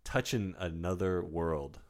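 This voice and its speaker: A man's voice: low-pitched, slow pace. A man co-hosting a casual movie podcast, laid-back and chuckling as he talks. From United States. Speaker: podcast co-host.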